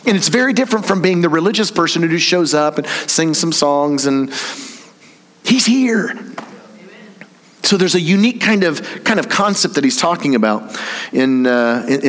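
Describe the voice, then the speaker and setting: During a church service, a pastor with a slightly high, somewhat bright voice preaches conversationally, explaining a verse's grammar and making teasing asides along the way. The sanctuary adds long hall reverb.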